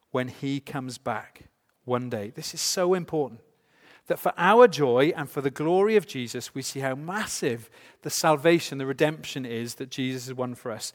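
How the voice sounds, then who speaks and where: A man preaching in a church, his slightly high voice carrying with long reverb around the hall. He leans on emphasis and keeps putting questions to the congregation. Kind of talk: sermon.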